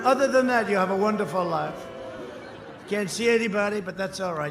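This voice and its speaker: Older man, rally speaker, high-pitched voice, boastful and repetitive, booming echo over faint crowd noise. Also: fairly quick. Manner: repetitive, boastful, swings from shouting to mutters. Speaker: political candidate at a rally. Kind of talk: rally speech. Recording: echoey open-air PA sound, faint crowd noise.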